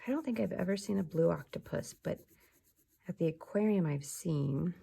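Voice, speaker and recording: A young woman teaches a remote class for young children, speaking slowly, softly and patiently and often dropping to a whisper. Her voice is fairly low-pitched and husky, with vocal fry.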